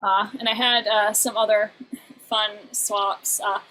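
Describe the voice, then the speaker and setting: A woman's voice: mid-range voice, little pitch movement, measured pace, pushed and bright, low-quality recording. A young adult woman teaching an online songwriting class in a chatty way, with many fillers and restarts.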